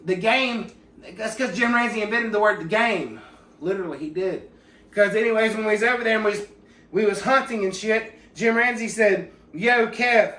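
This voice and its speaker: Man, rambling comedic monologue, profane, deadpan, high voice, roomy echo. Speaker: comedic storyteller in character. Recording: echoey room, distant from mic.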